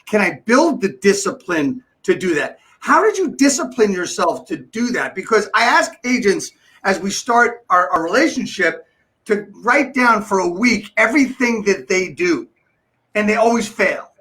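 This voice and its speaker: A man with a high voice hosting an interview. He asks eager questions and often stumbles, repeating his words. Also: sing-song, moderate pace, sharp tone. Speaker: podcast host. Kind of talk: interview questions, casual chat.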